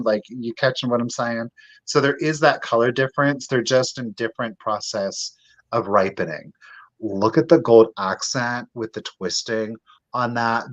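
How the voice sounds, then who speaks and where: A man's voice: mid-range voice, a bit bright. A man hosting a live online sale, chatting and gushing as he shows each item to bidders. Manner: chatty and gushing, drawn-out exclamations, addresses bidders directly. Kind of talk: live sales stream, showing items on camera. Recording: slightly dull lo-fi audio.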